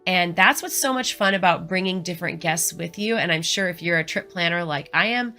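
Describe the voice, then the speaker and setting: Middle-aged woman, vlog host; earnest and encouraging, bright lowish voice, soft music under. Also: fairly quick. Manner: earnest, encouraging, chatty with frequent "you know". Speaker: travel vlogger. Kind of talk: casual advice vlog.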